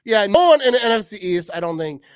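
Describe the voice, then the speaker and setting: A man's voice: sits high, very animated, quick pace, clear, resonant tone, no echo. A man in his forties from Wisconsin, hosting a casual sports chat, rambling and laughing often. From Wisconsin, USA. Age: 40s. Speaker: podcast host.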